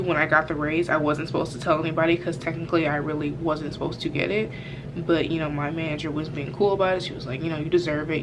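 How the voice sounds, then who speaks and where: A young woman telling a casual storytime vlog, rambling with lots of fillers and frank cursing. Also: fairly low pitch. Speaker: vlogger. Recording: background noise.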